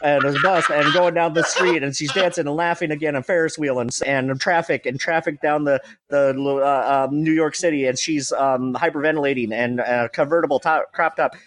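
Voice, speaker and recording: A man's voice: fairly high pitch, fairly even intonation, a bit bright. Brief: male comedy regular, frantic play-by-play, stammering, exasperated. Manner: rushed, stammering, exasperated, swears and laughs. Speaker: show regular. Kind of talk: frantic live description of a music video.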